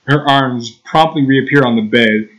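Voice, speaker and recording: A young man reading game text aloud in a relaxed, chatty way, laughing and breaking off for asides. His voice sits in an ordinary middle range. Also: medium pitch, measured pace, rough recording. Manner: casual, giggly, with restarts and asides. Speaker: let's play host reading a visual novel.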